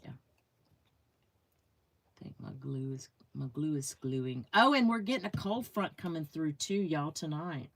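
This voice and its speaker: A woman's voice: deep voice, animated, takes it slowly, pauses often, no echo. A middle-aged woman chatting casually with viewers while crafting on a livestream, greeting them by name and thinking aloud.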